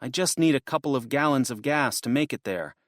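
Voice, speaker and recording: A man's voice: mid-range voice, expressive, a little fast, no room sound, clean studio sound, voice pushed up, close to an everyday voice. A man playing an urgent, pleading young traveler. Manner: earnest, urgent.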